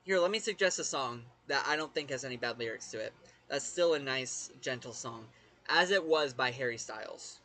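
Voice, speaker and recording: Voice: mid-range voice, lively intonation, normal speed, pushed and bright. A game streamer chatting casually, cracking jokes, swearing and reading game dialogue aloud. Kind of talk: casual let's-play commentary.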